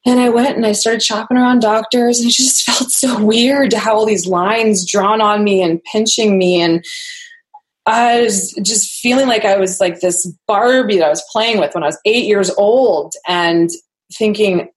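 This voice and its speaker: A woman's voice: mid-range voice, normal speed. A young adult woman as a podcast guest, candidly telling a personal story, earnest and laughing often.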